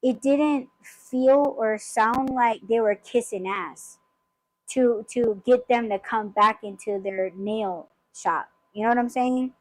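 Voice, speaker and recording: Woman podcast host rambling thru a story, cusses a lot, kinda high voice, dry sound. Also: slow pace, dry recording, low-quality recording. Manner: profane, rambling, lots of fillers. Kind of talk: casual storytelling chat.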